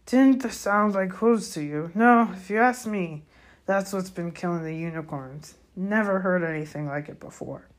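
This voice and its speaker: A woman voicing a gruff, big-hearted giant gamekeeper in a storybook reading, blustery and grumbling. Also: lowish voice, normal speed, close to an everyday voice. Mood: urgent.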